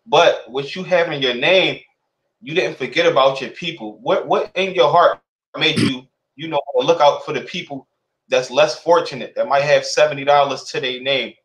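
A man's voice: fairly high pitch, moderate pace, fairly bright tone. A man hosting a casual interview, asking long, winding, admiring questions. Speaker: interview host. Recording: echoey room.

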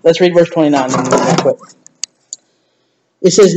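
A man with a high voice preaching to his church, chatty and animated, slipping into quoted lines along the way. The recording sounds dull and lo-fi. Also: a little slow. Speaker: pastor. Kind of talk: sermon.

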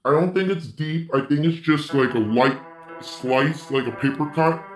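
A man's voice: fairly high pitch, normal speed, reverberant, music in the background, rough recording. A man giving let's-play commentary on a game, swearing and venting frustration between plays. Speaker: gaming YouTuber.

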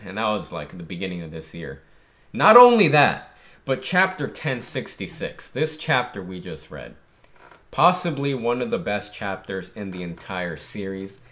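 Hyped low-voiced young guy. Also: unhurried. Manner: hyped and animated, says "dude" often. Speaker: manga reaction streamer. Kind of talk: excited casual commentary.

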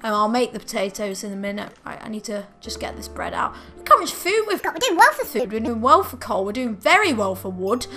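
Woman, let's-play commentator, excitable and shrieky, high lively voice. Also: brisk, few pauses, faint music behind. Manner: excitable, shrieks and scolds a pet dog. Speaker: gaming video creator.

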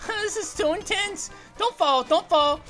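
A woman voicing a bubbly young female grape who hosts animated let's-play commentary, giggling, making puns and yelping at danger, over faint music. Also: extremely high pitch, a little slow, full character voice. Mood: excitable. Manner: giggly, punny, yelps at danger. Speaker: host of gaming videos.

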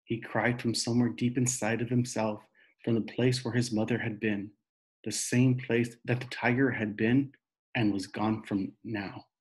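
A man reads a novel aloud in slow, steady narration. His voice sits at a middle pitch, and he takes his time over each line. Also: low-quality recording. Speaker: reader.

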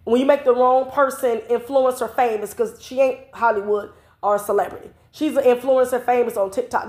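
A woman's voice: a little high, a little fast, darkish tone, echoey room. A woman vlogger delivering a blunt, profane, scolding opinion rant. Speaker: commentary vlogger. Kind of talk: ranting opinion vlog.

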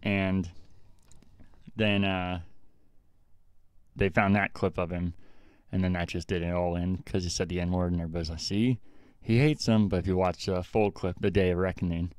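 A man's voice: sits low, level tone, moderate pace, clean tone, no room sound, studio quality. A man co-hosting a podcast in loose casual chat, rambling with plenty of fillers and frequent laughs. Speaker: podcast co-host.

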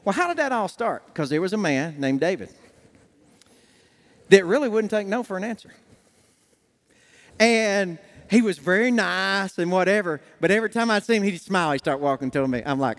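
A man's voice: high-pitched, very animated, normal speed, long pauses. A man preaching a sermon as pastor, telling a folksy personal story and acting out the dialogue. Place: church sanctuary. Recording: long church hall reverb.

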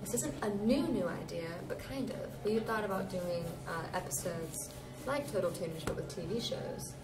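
A woman's voice: medium pitch, normal speed, heavy background noise. Bubbly woman co-hosting in a coffee shop. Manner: bubbly, laughs often. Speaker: podcast co-host. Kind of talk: casual chat.

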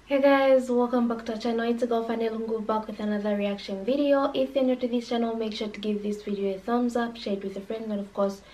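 A woman's voice: on the high side, steady tone, fast talker, few pauses, dark tone, distant mic, low-quality recording. A woman hosting a reaction channel, talking to her viewers in a friendly, chatty way. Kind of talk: casual vlog intro.

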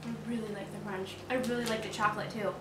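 A woman's voice: mid-range voice, fairly even intonation, fast, roomy sound, distant mic, noisy background. A woman from the United States chatting casually at home during a candy taste test, eager and enthusiastic and sometimes talking while she chews. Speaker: channel host.

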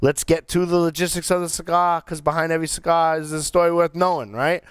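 A middle-aged man co-hosting a casual podcast, talking excitedly with many restarts and fillers. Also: a little high, fast, clean tone, no echo, clean studio sound. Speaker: podcast co-host reviewing cigars. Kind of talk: casual chat.

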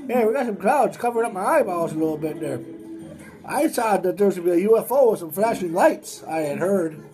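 A woman's voice: mid-range voice, lively intonation, brisk. A woman giving goofy, exclamatory gameplay commentary and putting on voices for places, with faint music behind.

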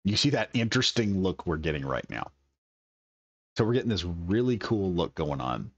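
Low-voiced man thinking aloud over gameplay. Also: big pitch swings, normal speed, dry recording, muffled recording. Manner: enthusiastic, thinks aloud while building. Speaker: gaming video creator. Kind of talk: casual gameplay commentary.

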